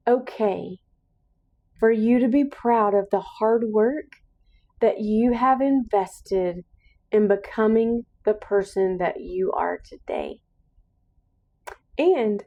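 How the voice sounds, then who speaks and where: A woman's voice: a little high, mellow, muffled recording. A woman hosting a solo podcast, speaking in an earnest, encouraging monologue with emphatic repetition. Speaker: podcast host.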